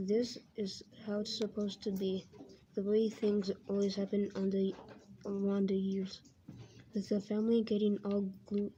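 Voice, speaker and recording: Flat, mellow woman reading aloud. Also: medium pitch, a little hiss or hum. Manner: plain, even read-aloud with small stumbles and self-corrections. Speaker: teacher. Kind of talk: reading a novel aloud to a class. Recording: muffled lo-fi recording.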